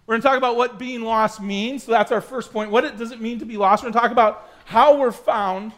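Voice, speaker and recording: High-voiced man telling a youth sermon story. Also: steady tone, fairly quick, a bit bright. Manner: storytelling, chatty with asides to the audience. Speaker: youth pastor.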